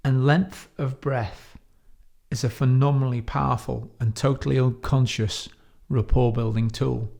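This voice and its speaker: A man from the United Kingdom giving a measured teaching talk on coaching, slowing down to stress key words. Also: medium pitch, vocal fry, mellow. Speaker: coach trainer.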